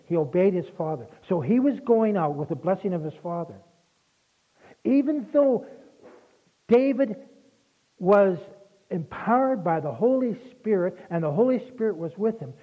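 Male preacher, high voice, conversational folksy sermon, tinny phone-quality recording. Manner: folksy, conversational storytelling with asides.

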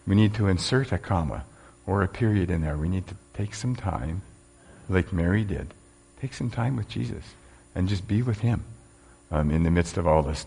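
Deep, gravelly-voiced male preacher. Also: darkish tone. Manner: conversational, with frequent fillers and rhetorical questions. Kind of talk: sermon.

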